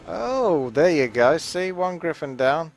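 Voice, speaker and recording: Relaxed English esports caster. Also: male voice, fairly high pitch, slow, soft background music. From England. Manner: relaxed, chatty and rambling. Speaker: esports commentator. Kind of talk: live game commentary.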